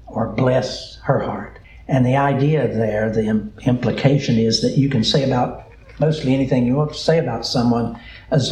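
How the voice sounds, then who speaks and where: Southern pastor, mid-pitched, unhurried drawl, echoey sanctuary with light background hum. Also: male voice, darkish tone. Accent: Southern American. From American South. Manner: slow, deliberate preaching with a drawl and repeated phrases. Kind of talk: sermon.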